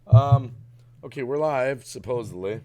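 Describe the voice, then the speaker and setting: A man's voice: medium pitch, measured pace, darkish tone. A man hosting a casual live stream, joking around and greeting viewers by name over a video call. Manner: jokey, reading out viewer names.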